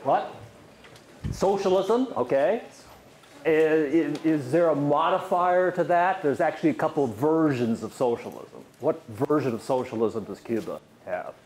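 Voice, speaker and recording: In an echoey university lecture hall with faint noise, a man delivers an economics lecture, quizzing the audience and using many fillers. His voice is fairly high, animated, a little mellow, and unhurried.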